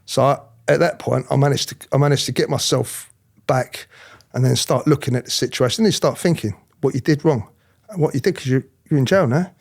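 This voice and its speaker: A middle-aged man telling his story in an interview, animated, acting out other people's voices, often restarting his sentences. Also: medium pitch, brisk, gravelly. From England. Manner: animated, acts out quoted voices, frequent restarts. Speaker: interviewee, former police officer.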